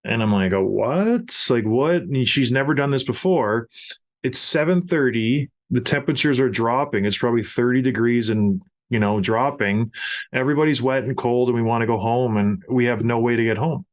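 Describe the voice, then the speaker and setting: A middle-aged man hosts a casual podcast chat with an animated, laughing storytelling manner. His voice sits at an ordinary middle pitch. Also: normal speed. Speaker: podcast host.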